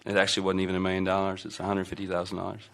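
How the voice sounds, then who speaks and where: A man's voice: deep voice, monotone, rapid-fire, vocal fry, heavy background noise. A man from the audience asking a question, hesitant and searching for words.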